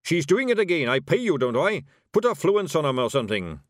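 A man voicing a pompous, blustering male dwarf shopkeeper who talks loud and lofty in an audiobook. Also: mid-range voice, expressive, unhurried, no room sound, clean studio sound, pitched above the performer's own voice, close to an everyday voice. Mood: indignant.

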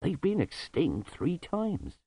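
A man's voice: on the high side, wildly swooping pitch, takes it slowly, warm tone, breathy edge, dry recording, voice pushed up, exaggerated voice. A man doing a matter-of-fact older monk.

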